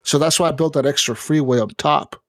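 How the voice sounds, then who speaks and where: On a casual gaming podcast, this male co-host swears without restraint and spins energetic, animated stories. He talks a little fast at a fairly high pitch, with no echo in the audio.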